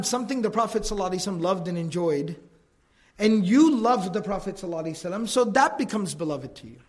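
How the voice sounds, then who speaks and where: A man with a notably high voice lectures a religious class in an easy, talky way. He keeps asking "right?" and slips into quick impressions of the people he quotes. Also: a bit bright. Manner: acts out quoted remarks. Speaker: religious teacher.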